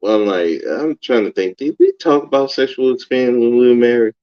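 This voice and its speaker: A man's voice: medium pitch, brisk, lo-fi sound. A man hosting a podcast, reacting in casual, blunt, profane commentary and laughing at himself. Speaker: podcast host reviewing an interview.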